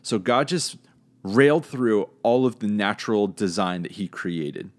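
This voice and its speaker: A man's voice: fairly low pitch, expressive, a little slow. A man giving a casual Bible lesson. He talks in a conversational, searching way, hedging and correcting himself as he goes. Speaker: Bible teacher.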